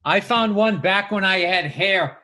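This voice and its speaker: A man's voice: high voice, measured pace, bright, forceful tone. A middle-aged man, a comedian co-hosting a podcast, talking in a rambling, self-deprecating way with many restarts. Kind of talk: casual chat.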